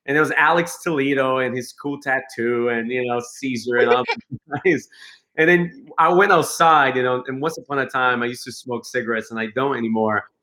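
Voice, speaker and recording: A man talking as a podcast guest, animated and storytelling, acting out quotes. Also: mid-range voice, normal speed. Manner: animated, laughing, acts out quotes. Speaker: guest entrepreneur. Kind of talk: casual storytelling.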